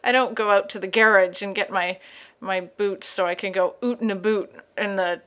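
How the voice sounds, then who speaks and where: A woman's voice: medium pitch, steady tone, normal speed, fairly bright tone. A woman from Canada with a slight Canadian accent and a lisp, chatting casually with a self-deprecating laugh. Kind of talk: casual chat.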